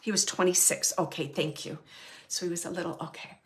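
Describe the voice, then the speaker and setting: A woman hosting a live mediumship reading, who speaks tentatively with many fillers and restarts and often sinks to a soft murmur. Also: fairly low pitch, fairly even intonation, brisk. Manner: often drops to a soft, near-whispered murmur. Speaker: psychic medium host.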